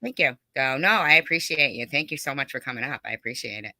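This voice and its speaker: A woman's voice: rumbling low, animated, fast talker, bright, forceful tone, dry recording, clean studio sound. A middle-aged woman hosting a casual live stream, chatting with viewers in a rambling, giggly way full of fillers.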